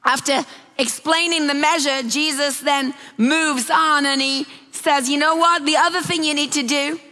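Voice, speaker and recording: A woman delivers a sermon, slipping into animated voices as she retells stories. Her voice sits high and bright. A long hall reverb trails behind her words. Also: a little slow. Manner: animated storytelling, acting out quotes. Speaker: preacher.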